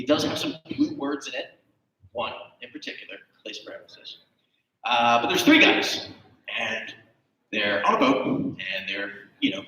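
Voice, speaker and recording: A man telling a long joke on stage, acting out the characters' lines loudly. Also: on the high side, creaky. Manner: animated storyteller, acts out character lines loudly. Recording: echoey hall from far off.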